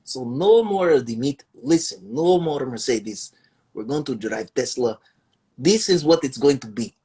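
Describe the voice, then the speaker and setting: A man voicing a gruff male Russian mob boss with a put-on Russian accent, speaking in a mock-serious, lecturing way. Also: mid-range voice, lively intonation, a little slow, dark tone.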